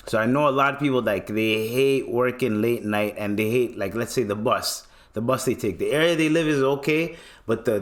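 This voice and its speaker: A young man from Canada hosts his own podcast, his voice sitting a little low. He talks loosely and rambles, full of slang and casual swearing. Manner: laid-back, swears often, slangy, rambling. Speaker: podcast host. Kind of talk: casual solo podcast talk.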